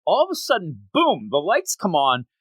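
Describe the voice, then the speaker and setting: A man co-hosting a podcast, chatting casually and acting out quoted lines in quick voices. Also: high voice, huge pitch swings, a bit bright, husky, no room sound. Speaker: podcast co-host. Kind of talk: casual chat recapping a manga chapter.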